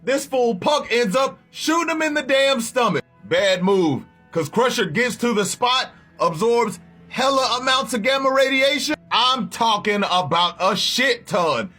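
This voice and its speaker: A man's voice: extremely high pitch, expressive, a little slow, few pauses, bright, forceful tone, soft background music. A man recapping a comic book in a casual, profane, slangy storytelling style.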